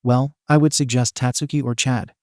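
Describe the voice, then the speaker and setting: A cocky young swordsman with a wry, teasing edge, read by a man. The voice stays mellow and warm, recorded dry and close. It sounds like a storybook reading, not a full performance. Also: mid-range voice, fairly even intonation, moderate pace, no echo, lightly acted.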